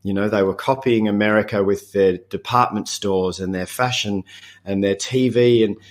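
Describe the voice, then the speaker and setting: Low-voiced Australian man, relaxed and chuckling. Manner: relaxed and reflective, chuckles often, halting restarts. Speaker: podcast guest. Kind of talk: casual interview chat.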